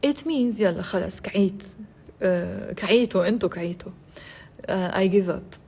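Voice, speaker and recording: A woman teaching Arabic in a live online lesson. She repeats phrases slowly, then coaxes her viewers to say them aloud with her. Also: medium pitch, vocal fry, a little mellow, husky.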